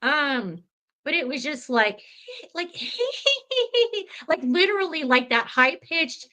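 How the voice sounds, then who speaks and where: A woman guest telling a ghost story in an interview, animated and chatty, with many fillers. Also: high-pitched, unhurried.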